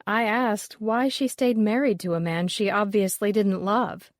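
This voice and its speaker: A woman reading the part of a dismissive, sharp-tongued woman appraiser, with a wry, offhand delivery. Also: medium pitch, steady tone, measured pace, no echo, studio quality, lightly acted.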